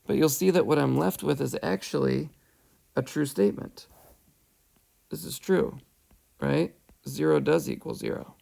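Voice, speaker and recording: Gravelly male math teacher. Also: a little high, unhurried, long pauses, mellow. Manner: patient, explains step by step, asks "right?". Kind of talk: whiteboard math lesson. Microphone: headset or tablet mic, voice-over screencast.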